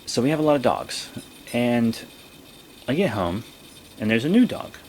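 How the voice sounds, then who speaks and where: A young man vlogging, telling a rambling story in a casual way and breaking into high, excited exclamations. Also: moderate pace, a little hiss or hum.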